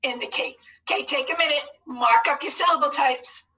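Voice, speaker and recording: A woman teaching a phonics lesson on video, breaking words into syllables slowly and encouraging the class. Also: high voice, bright, forceful tone, distant mic, low-quality recording. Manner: slow, encouraging, modelling each syllable.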